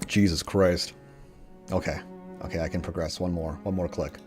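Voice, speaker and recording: A male streamer commentates a game he is playing, swearing freely and reading text aloud. His voice is low and mellow. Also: fairly even intonation, normal speed, faint music behind. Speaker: gaming streamer. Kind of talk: let's play commentary.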